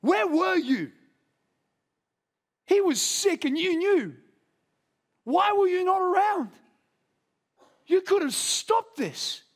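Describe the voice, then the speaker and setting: A man's voice: very high-pitched, very animated, takes it slowly, long pauses, pitched above the performer's own voice, full character voice. A man preaching voices a grieving woman pleading and crying out in a raised voice. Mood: anguished.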